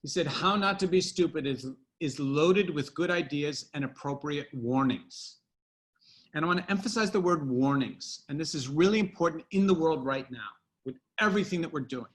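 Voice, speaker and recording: A man who wrote a book, from the United States, answering at length in an interview with emphatic pauses and restarts. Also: a little high. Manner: emphatic, drawn-out, many restarts. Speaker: podcast guest, author.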